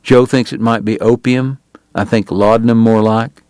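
A man's voice: mid-range voice, fairly even intonation, moderate pace, a little mellow, dry recording, natural voice. A man voicing a practical, matter-of-fact brother in an old-west audiobook.

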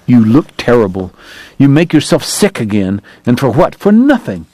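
A man's voice: medium pitch, very animated, normal speed, darkish tone, no echo. A man voicing a blunt, demanding young woman who scolds sharply. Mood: scolding.

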